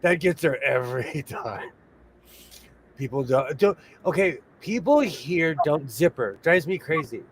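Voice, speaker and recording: Chatty man with a slightly high voice. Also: animated, a little slow, slight background noise. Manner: chatty, laughs often while telling stories. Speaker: co-host. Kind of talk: casual chat.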